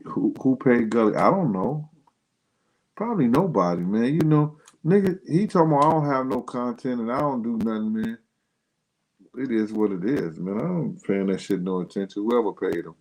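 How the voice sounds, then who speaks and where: A man's voice: lively intonation, normal speed, darkish tone, low-quality recording. A man hosting a casual livestream, talking loosely and in slang straight to his viewers, his voice jumping up when he gets worked up. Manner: pitch jumps up sharply when worked up. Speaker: livestream host.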